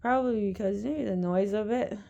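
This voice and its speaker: A woman's voice: mid-range voice, brisk, creaky, mellow, muffled recording. A woman at home chatting casually while filming her cats, laughing often and cooing at her pets. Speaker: pet vlogger. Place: at home, indoors.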